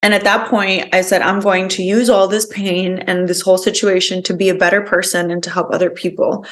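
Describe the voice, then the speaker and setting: A woman's voice: on the low side, flat delivery, brisk, a bit bright. Earnest young woman telling her story. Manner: earnest, lots of filler "like" and "you know". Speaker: podcast guest. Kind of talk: personal storytelling in an interview.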